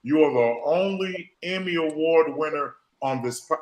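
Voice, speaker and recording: A man's voice: fairly high pitch, normal speed, few pauses, darkish tone, low-quality recording. A man hosting a podcast, speaking, repeating phrases and using folksy slang. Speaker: podcast host. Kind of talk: emotional motivational talk.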